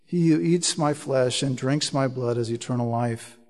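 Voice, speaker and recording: A man's voice: mid-range voice, moderate pace, darkish tone, long reverb tail. A man preaching a sermon, reading scripture aloud and explaining it in an earnest way, often repeating words as he restarts.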